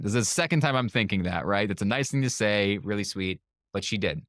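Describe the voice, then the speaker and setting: A man telling a story as a guest on a podcast interview, animated and lively, acting out the people he quotes. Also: fairly low pitch, a little fast, no echo, clean studio sound. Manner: lively storyteller who acts out quoted voices. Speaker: guest, magician and speaker.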